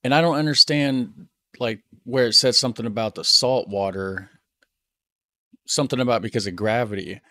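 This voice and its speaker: A man's voice: mid-range voice, normal speed, pushed and bright, dry recording. An American man hosting a reaction channel, chatting casually and repeating words as he thinks aloud. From United States.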